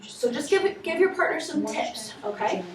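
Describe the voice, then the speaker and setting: A woman's voice: sits high, expressive, normal speed, a crowd in the background. A woman teacher giving classroom instruction, encouraging and modeling reading aloud for her students. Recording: echoey classroom from far off.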